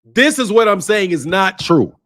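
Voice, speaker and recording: A man's voice: sits high, sing-song, moderate pace, a bit bright. A man hosting a casual boxing livestream, ranting profanely, laughing and tacking "bro" onto his lines.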